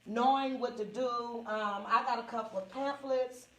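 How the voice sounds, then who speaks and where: A woman's voice: a little high, fairly even intonation, normal speed. A woman comedian with a Northern California accent, frankly telling a personal story to a small group, laughing often and acting out what people said. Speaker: comedian and support group speaker. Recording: echoey room, distant from the mic.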